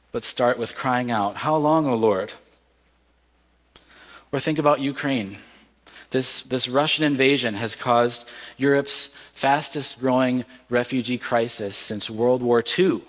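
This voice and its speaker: A pastor preaching a sermon in an earnest, measured way, with cries of lament now and then. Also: male voice, mid-range voice, a bit bright. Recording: long hall reverb.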